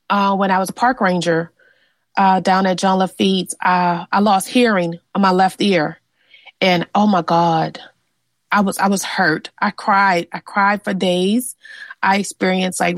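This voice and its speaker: A woman's voice: mid-range voice, moderate pace, dry recording. A woman sharing her family's history in an interview, earnest and reflective, with frequent "um" and "like". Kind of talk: personal storytelling in an interview.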